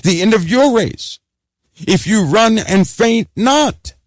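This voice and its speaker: A man's voice: high voice, expressive, slow pace, no echo, clean studio sound. A man preaching an urgent sermon, exhorting listeners and repeating phrases for emphasis.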